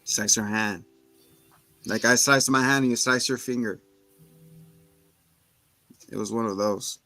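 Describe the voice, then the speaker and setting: A man casually recapping a film for a podcast, retelling scenes with quick voices for the characters. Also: medium pitch, fairly even intonation, sharp tone, no echo. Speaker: podcast co-host. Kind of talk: casual movie review chat.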